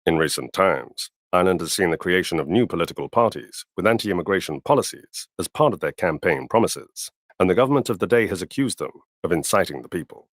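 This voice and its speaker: A man with a very deep voice reads a scripted news report, formal and steady. The sound is dry and close. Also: a little fast, few pauses, no echo. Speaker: news narrator.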